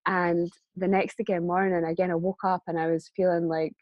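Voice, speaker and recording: A woman's voice: lowish voice, little pitch movement, brisk, dry recording, lo-fi sound. A woman telling a personal story as a guest in a casual conversation, chatty and laughing often. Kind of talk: casual chat.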